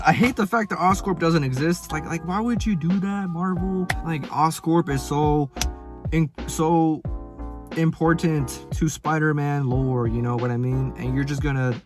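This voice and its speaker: A man's voice: fairly high pitch, unhurried. A young adult man ranting casually about movies, swearing a lot and using heavy slang. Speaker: film vlogger. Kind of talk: casual film ranking rant. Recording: background music under the voice.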